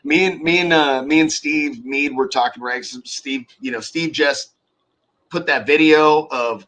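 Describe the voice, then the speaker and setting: A man's voice: fairly high pitch, unhurried, fairly bright tone. A man in his forties telling a long workshop story in casual, profane chat, acting out the people he quotes.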